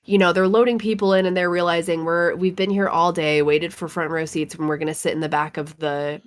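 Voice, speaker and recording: A woman co-hosting a live podcast tells a lively story in casual chat, acting out what people said. Her voice sits on the low side and moves fairly quickly.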